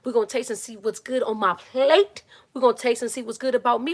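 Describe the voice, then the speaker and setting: Speaking from a phone in a small closet at home, a woman hosts a casual live Q&A stream in a quick, fairly high voice. She's chatty and animated, greeting viewers by name and slipping into soft, muttered asides.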